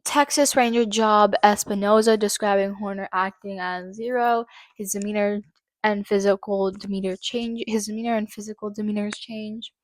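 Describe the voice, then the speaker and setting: A woman's voice: medium pitch, fairly even intonation, normal speed, dry recording. Angry, profane woman reading true-crime quotes. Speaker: channel host.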